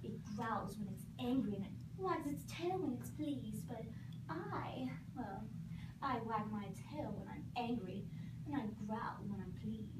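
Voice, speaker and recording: Lazy, mysterious talking cat with a slow drawl, a young woman putting it on; heard from far off with room noise. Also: a little high, animated, pitched below the performer's own voice. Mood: sly drawl. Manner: slow drawl with sly pauses. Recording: echoey room from far off, noisy.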